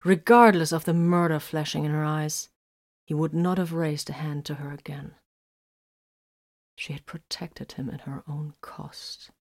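Low-voiced woman reading a story. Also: steady tone, a little slow, darkish tone. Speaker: narrator. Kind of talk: audiobook narration.

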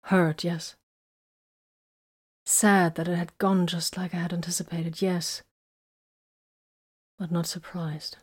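A woman's voice: fairly low pitch, normal speed, darkish tone, natural voice. A woman reading a bitter, wounded woman warrior. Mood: hurt. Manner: hurt, confessional, emotional. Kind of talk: audiobook character reading.

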